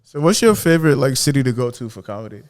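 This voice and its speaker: A man's voice: mid-range voice, very animated, fast. A man hosting a casual podcast chat, bantering loosely in slang and laughing often. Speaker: podcast host.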